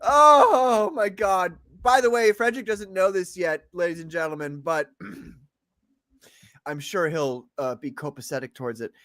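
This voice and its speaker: A man's voice: a little high, moderate pace, no room sound. A man hosting a casual podcast chat, joking and laughing often as he tells stories. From North America. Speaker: podcast host. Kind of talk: casual banter.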